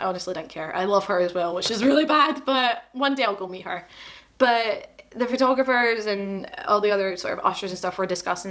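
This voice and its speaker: Young Glaswegian woman, vlogger, chatty self-deprecating storyteller, mid pitch. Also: a bit bright. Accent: Scottish, Glaswegian. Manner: chatty, self-deprecating, quotes people in dialogue. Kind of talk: casual storytelling to camera.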